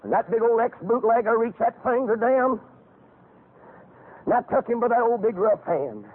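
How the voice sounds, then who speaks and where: An older man preaching a fiery revival sermon, folksy storytelling that climbs into shouted exhortation. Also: very high voice, expressive, normal speed, husky. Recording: tinny phone-like lo-fi recording.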